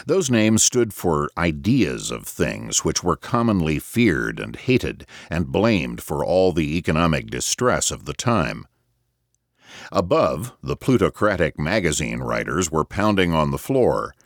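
A man reading a novel aloud as audiobook narrator, measured and reflective, close to a studio mic. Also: rumbling low, sing-song, dry recording.

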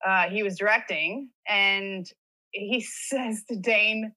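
A woman, an actress guest on a podcast, chatting casually and telling lively stories. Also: medium pitch, slow, poor audio. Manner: chatty storyteller, lively retelling. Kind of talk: casual interview chat.

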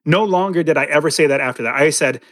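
A man's voice: on the high side, fast talker, a bit bright, no echo. A man in his forties, a podcast guest, telling a vivid story about his past in an interview. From California. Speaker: podcast guest, real estate investor.

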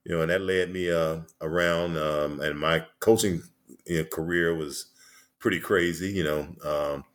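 Deep-voiced man in his sixties telling stories. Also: fairly even intonation, normal speed, fairly bright tone. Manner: rambling, full of "you know" fillers and restarts. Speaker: former basketball player and coach, guest. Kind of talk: casual storytelling interview.

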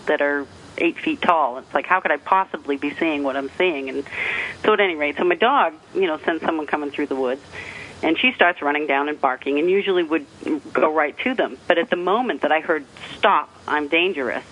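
A man's voice: fairly high pitch, a little fast, fairly bright tone, slight background noise. A man from the northeastern United States calling in to a talk show, telling a personal story in a rambling way with restarts and light laughs. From New Hampshire, northeastern US. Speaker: caller. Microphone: telephone. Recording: tinny phone line.

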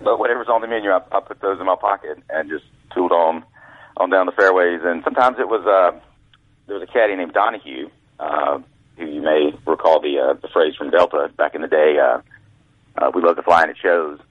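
Husky low-voiced man on a phone line. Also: a little fast, dry recording. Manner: rambling, folksy storyteller. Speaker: author and guest. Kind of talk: telling anecdotes. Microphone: telephone.

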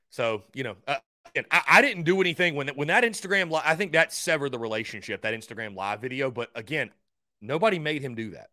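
A man's voice: on the high side, sing-song, a little fast, sharp tone, dry recording, clean studio sound. A middle-aged man hosting a sports talk show, blunt and unapologetic as he takes calls.

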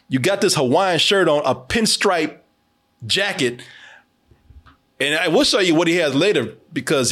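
A man hosting a casual movie commentary podcast, animated, joking and profane. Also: mid-range voice. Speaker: podcast host.

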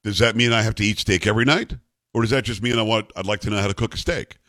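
Lowish and fairly bright, this talk radio host's voice carries no room sound. Having grown up in South Florida, he rants emphatically and rapidly, sharing strong opinions.

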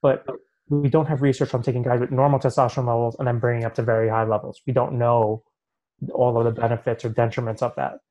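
A man, a naturopathic physician, explaining hormones in a casual interview, animated and peppering his talk with "right?". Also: medium pitch, quick pace, highs cut off.

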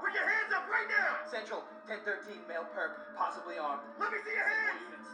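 A man's voice: very high voice, wildly swooping pitch, brisk, reverberant, heavily acted. An actor playing a male police officer who barks commands at a suspect, heard as distant film audio. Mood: yelling. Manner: barking commands. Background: film soundtrack music.

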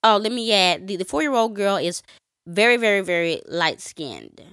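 A woman co-hosting a podcast, recounting stories in casual conversation with frequent fillers and quick asides. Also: medium pitch, sing-song, fairly bright tone, clear, resonant tone, no echo, clean studio sound. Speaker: podcast co-host. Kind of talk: casual storytelling chat.

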